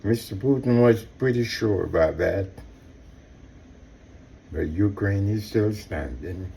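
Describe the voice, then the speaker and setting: Male commentator, slow and mellow, impassioned and repetitive, talks straight to the audience. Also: fairly low pitch, vocal fry. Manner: impassioned, repetitive, addresses listeners directly. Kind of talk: personal commentary monologue.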